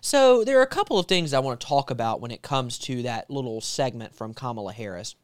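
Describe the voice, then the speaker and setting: A male talk show host giving sarcastic, animated commentary in a casual chat. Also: fairly high pitch, smooth, no room sound, clean studio sound. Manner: animated and sarcastic, mocks quotes.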